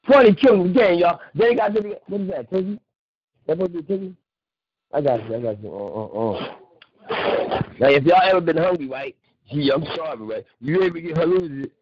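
A man hosting a call-in radio show, talking loudly and excitedly, laughing and shouting often. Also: fairly high pitch, moderate pace, pauses often, slightly rough, dry recording, muffled recording.

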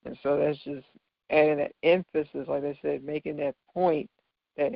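A man's voice: on the high side, steady tone, normal speed, vocal fry, dry recording. A man teaching figures of speech from scripture, patiently explaining and often checking in with "right?". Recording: dull lo-fi dry recording.

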